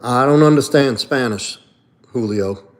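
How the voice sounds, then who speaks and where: A man's voice: mid-range voice, a little slow. A man hosting a live stream, answering viewer questions from chat in a blunt, profane, opinionated way. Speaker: livestream host and coach. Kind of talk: casual livestream chat.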